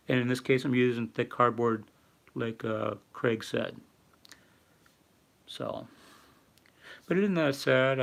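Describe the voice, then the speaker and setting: Older guy doing a live stream, gravelly voice, mid pitch, reads out the chat and rambles. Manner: rambling, reads viewer chat aloud with many fillers. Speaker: livestream host. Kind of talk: casual live-stream talk.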